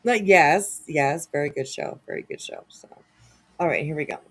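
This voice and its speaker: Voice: mid-range voice, normal speed, a bit bright. Chatty reaction host, sarcastic laughing asides, casual commentary between clips.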